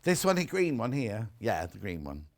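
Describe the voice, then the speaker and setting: A man's voice: fairly low pitch, wildly swooping pitch, normal speed, darkish tone. A British man presenting a live shopping show in a windowless studio, chatting and reading out viewer messages.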